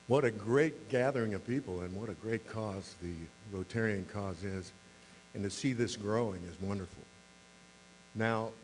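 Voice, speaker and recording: A man's voice: on the low side, darkish tone. A man in his sixties who is a mayor, giving a humorous speech to a club with dry, self-deprecating storytelling on a podium microphone. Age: 60s. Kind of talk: humorous after-dinner speech. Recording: long hall reverb, faint mains hum.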